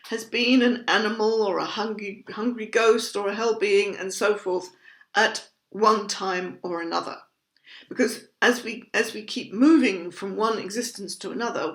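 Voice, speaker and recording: A woman teaching about Buddhism in a measured, thoughtful educational talk, patiently explaining terms. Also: mid-range voice. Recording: roomy echo.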